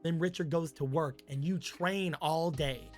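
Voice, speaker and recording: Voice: mid-range voice, unhurried, faint music behind. A streamer casually telling a rambling, crude made-up story on a live stream, with many "like"s.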